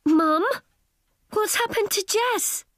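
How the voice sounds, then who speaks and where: A woman's voice: extremely high pitch, takes it slowly, a bit bright, no room sound, studio quality, full character voice. A woman voicing a young cartoon boy, earnest and apologetic, over faint music. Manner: eager, apologetic. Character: young boy, earnest and quick to feel guilty.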